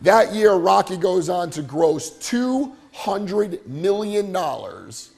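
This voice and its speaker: Middle-aged male motivational speaker, animated storyteller, fairly high voice, breathy and rough. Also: slow pace, soft background music. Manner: animated, keeps checking in with "right?". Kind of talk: storytelling presentation to a live audience. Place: venue with a live audience.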